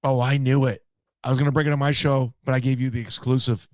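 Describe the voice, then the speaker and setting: A man's voice: mid-range voice, level tone, fast talker, darkish tone, no room sound. A man on a casual stream, smugly dealing out gossip and teasing about his secret sources. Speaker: guest with gossip scoops.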